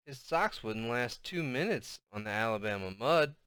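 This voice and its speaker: Bright, clear-voiced male audiobook narrator. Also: mid-range voice, lively intonation, normal speed, dry recording. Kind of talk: novel read aloud in first person.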